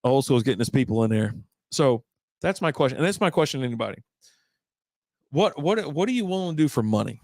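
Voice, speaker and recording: A man's voice: mid-range voice, big pitch swings, quick pace, pauses often, darkish tone, dry recording, clean studio sound. Blunt, swearing podcast co-host man. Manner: blunt, profane, exasperated rants. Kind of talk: casual chat over drinks on a livestream.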